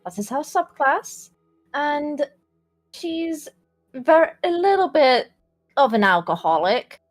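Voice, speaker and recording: A chatty, playful woman taking part in a tabletop game as a player, stretching her words out as she talks. Faint music plays behind her voice. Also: mid-range voice. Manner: chatty and playful, drawn-out phrasing. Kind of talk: casual chat introducing a character.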